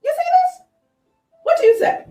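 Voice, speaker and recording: A woman's voice: extremely high pitch, lively intonation, moderate pace, warm tone, pitched above the performer's own voice. A woman voicing an indignant male god who accuses a mortal before a tribunal of gods. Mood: outraged. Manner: outraged, accusing. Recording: echoey room, far from mic, faint music.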